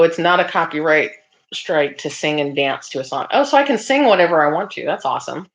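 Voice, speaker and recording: A woman's voice: lowish voice, fairly bright tone. Chatty woman livestreamer, slightly muffled. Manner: chatty, reads out viewer comments and answers them; frequent laughs and filler ums. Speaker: livestream host. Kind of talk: casual livestream chat. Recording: slightly dull lo-fi sound.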